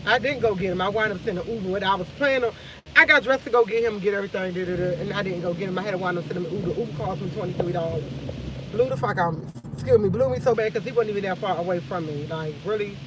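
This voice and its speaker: A woman's voice: mid-range voice, quick pace, heavy background noise. A tired woman host on a casual live stream, venting with emphatic repetition and swearing.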